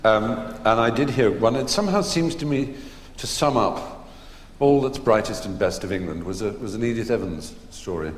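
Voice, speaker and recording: Man, very deep voice, leisurely storyteller, live stage talk, echoey hall. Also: lively intonation, normal speed, hardly any pauses. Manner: leisurely raconteur with frequent ums and restarts. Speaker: stage conversation guest. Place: theatre stage before a live audience. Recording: echoey hall with long reverb.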